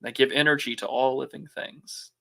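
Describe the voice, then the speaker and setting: A man's voice: mid-range voice, little pitch movement, moderate pace, creaky, pushed and bright. A man hosting a casual political podcast, musing aloud with rhetorical questions. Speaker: podcast host.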